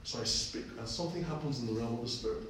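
A man's voice: mid-range voice, very fast, noisy background. A man preaches a conversational sermon and drives his points home by repeating key phrases. He is picked up from a distance in a very echoey hall, with faint room ambience underneath. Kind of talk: sermon with personal story.

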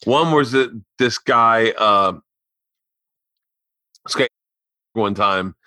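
A man who is a comedian tells raucous stories in a casual remote chat. He is animated and swears freely. His voice is bright and forward, and the sound is dry and close. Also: fairly low pitch, very slow, no echo. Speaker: comedian guest. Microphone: remote call recording.

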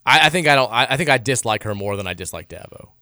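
A man's voice: mid-range voice, expressive, fast talker, bright, forceful tone, no echo, clean studio sound. A man hosting a sports radio show in casual talk, blunt and opinionated, often stumbling and restarting his sentences. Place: radio studio.

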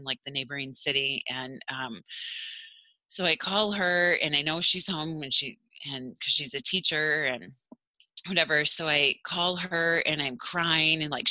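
A woman's voice: sits low, bright, forceful tone, no echo, low-quality recording. A woman, telling a personal story in a rambling casual way, full of "like" and acted-out quotes. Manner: rambling, many fillers and "like"s, acts out quoted voices.

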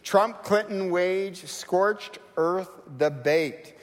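A middle-aged man preaching a sermon, telling stories and acting out quoted voices in a lively, animated way. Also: sits high, extremely slow, in a large hall. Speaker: guest preacher. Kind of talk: sermon with storytelling. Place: church sanctuary.

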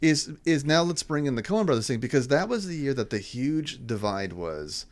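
Animated man in casual film chat. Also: medium pitch, normal speed. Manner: animated, swearing, trailing off mid-thought. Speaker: podcast co-host.

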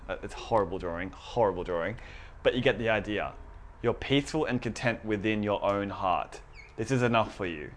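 Young man preaching casually. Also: on the low side. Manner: conversational, animated retellings with quoted voices. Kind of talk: casual sermon.

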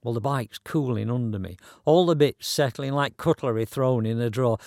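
A man's voice: mid-range voice, normal speed, darkish tone, no echo. A man narrating a story in a dry, wry, conversational way.

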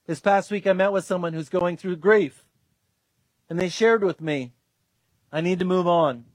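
Pastor, man, high pitch, earnest sermon delivery, dry close recording. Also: normal speed, long pauses, dry recording. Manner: earnest, acts out quoted voices, restarts with fillers.

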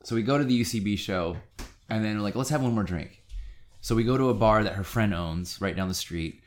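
A middle-aged man co-hosting a podcast, telling a story in a casual way and acting out quotes with sudden high-pitched jumps. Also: quick pace. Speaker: podcast co-host.

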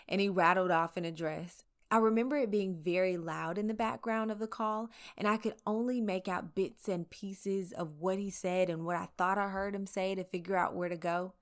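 A woman's voice: mid-range voice, moderate pace, hardly any pauses. A woman reporter from the American South narrating her own story in a candid, conversational way with wry asides. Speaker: local TV reporter. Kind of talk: scripted first-person narration.

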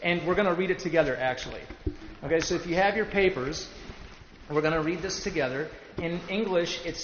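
A man teaching an adult Sunday school class, explaining slowly and leading the group in reading aloud. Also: on the high side, fairly bright tone, muffled recording, a little hiss or hum. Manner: explanatory, leads group readings, pauses with fillers. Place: church classroom. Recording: echoey roomy recording from a distance.

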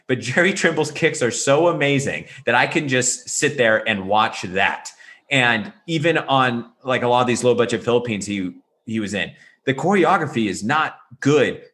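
A man co-hosting a podcast in casual chat, animated, talking in rapid bursts with many fillers. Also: mid-range voice. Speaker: podcast co-host. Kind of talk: casual chat about martial arts films.

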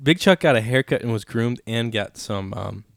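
A man's voice: medium pitch, lively intonation, moderate pace, gravelly, no room sound. Young guy chatting loose in his basement, swears a lot, dead dry sound. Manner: loose and joking, swears often. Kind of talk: casual chat. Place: home basement.

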